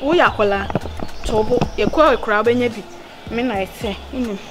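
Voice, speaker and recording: A Ghanaian woman acting in a comedy skit, bossy and animated, mixing Twi with English. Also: on the high side, normal speed. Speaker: comedy actor. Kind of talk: skit dialogue. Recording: with loud music behind.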